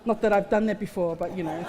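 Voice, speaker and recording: A woman's voice: mid-range voice, very noisy. A woman giving a candid, heartfelt personal testimony with touches of self-mocking humor at a festival. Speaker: guest speaker. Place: festival stage in a large hall. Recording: long hall reverb.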